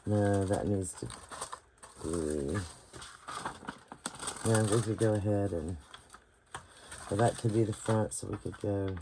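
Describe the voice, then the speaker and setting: Tired late at night, a woman with a West Virginian accent hosts her bookbinding channel with a casual hands-on tutorial, rambling, reasoning out loud and struggling for words. Her extremely low voice moves slowly with frequent pauses. The background is noisy, with paper crinkling and clicking clearly audible.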